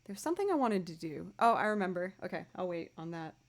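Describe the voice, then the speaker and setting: A young woman from around Boston, a streamer and musician, talks fast in a low-leaning, sing-song voice during a casual livestream. She's bubbly and chatty, calling out viewers by name.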